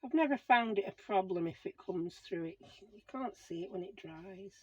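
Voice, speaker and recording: Husky-voiced woman. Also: mid-range voice, animated, normal speed, a little mellow, muffled recording. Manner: chatty, self-talking while working. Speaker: crafting channel host. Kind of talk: casual crafting commentary.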